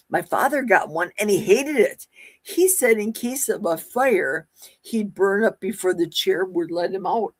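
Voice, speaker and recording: A woman in her sixties with a husky, slightly breathy voice hosts a casual live stream. She talks at an unhurried, drawn-out pace, sassy and chatty as she answers her viewers. The sound is close and dry, with no room around her. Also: on the low side, no echo. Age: 60s. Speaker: livestream host. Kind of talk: casual live-stream chat reading comments.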